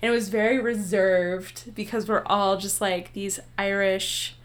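A woman's voice: medium pitch, little pitch movement, a little slow. A woman from the American Midwest, a radio guest telling a story in a chatty way, full of filler words. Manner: chatty, with many filler "likes" and laughs. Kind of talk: casual storytelling.

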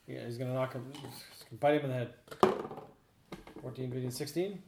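A man at a tabletop game, speaking in an offhand way with joking asides. His voice sits in the middle range. It is heard in a roomy space, with a steady layer of noise in the recording. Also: medium pitch, normal speed, creaky. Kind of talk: casual tabletop play. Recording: roomy, noisy home recording.

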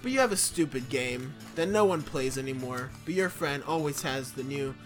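A man's voice: mid-range voice, expressive, normal speed, music in the background. A man hosting a casual podcast, reading the sponsor ads in a goofy, jokey way and stumbling over web addresses. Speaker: podcast host.

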